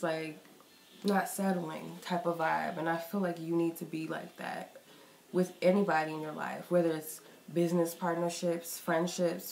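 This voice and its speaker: A woman's voice: lowish voice, gravelly. A woman giving a casual, rambling tarot reading. She says she is getting sick and is a little out of breath. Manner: chatty and reflective, loose rambling phrasing. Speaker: tarot reader. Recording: echoey room with faint noise.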